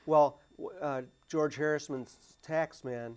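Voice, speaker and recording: Halting man chatting about a film. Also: fairly high pitch, steady tone, clear, resonant tone. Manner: halting, many restarts and fillers. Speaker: panelist on a movie discussion show. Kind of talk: casual chat about a film. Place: cable TV studio.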